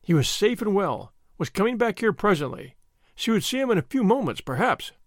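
A man narrating a classic novel as an audiobook, with expressive storytelling. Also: sits high, a little fast, no echo, clean studio sound. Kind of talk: scripted narration.

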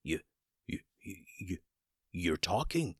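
A man voicing a kindly, bumbling old male wizard who stammers when flustered, in a low voice close to his own. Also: lively intonation, moderate pace, a bit bright, no room sound. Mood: stammering.

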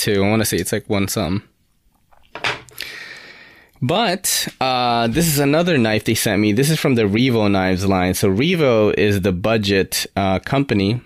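A man's voice: lowish voice, no room sound. A young man casually reviewing knives on his podcast, laid-back and swearing often. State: slightly out of breath. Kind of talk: casual knife review chat.

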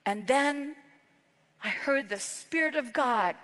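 Woman preacher, slow dramatic testimony, bright and forceful, reverberant hall. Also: high voice. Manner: slow, dramatic storytelling with hushed drops. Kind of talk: emotional sermon testimony. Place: large hall, played from an archived clip.

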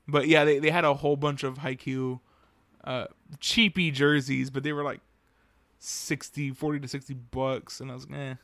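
A man co-hosting a casual anime review chat, relaxed and hesitant, often trailing off. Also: medium pitch, normal speed, creaky, no echo. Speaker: podcast co-host.

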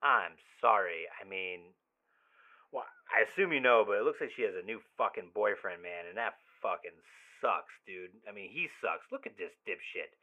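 A man's voice: lowish voice, normal speed, sharp tone. An actor playing an obsessive young man who leaves rambling, swearing, overly familiar voicemails in an audio drama. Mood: agitated. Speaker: caller leaving voicemails. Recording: tinny phone-line voicemail.

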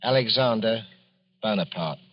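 A man's voice: on the low side, moderate pace, close to an everyday voice. A man playing a meek, polite middle-aged lodger who hesitates and stumbles with fillers, in a vintage radio drama. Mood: timid. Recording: dull lo-fi old radio recording.

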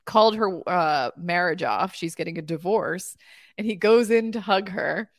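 A woman's voice: on the low side, expressive, moderate pace, no room sound, clean studio sound. A woman co-hosting a podcast in casual chat, agreeing readily and laughing a lot as she recaps episodes. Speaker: podcast co-host.

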